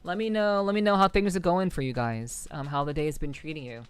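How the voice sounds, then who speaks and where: Smooth-voiced rambling young woman streamer. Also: sits low, fairly even intonation, a little fast, no echo. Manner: rambling, frequent restarts. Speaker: live streamer. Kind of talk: casual chat with viewers.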